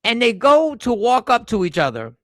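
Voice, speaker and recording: A man hosting a podcast in casual chat, telling stories in an animated, playful way. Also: extremely high pitch, moderate pace, no room sound, clean studio sound. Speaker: podcast host.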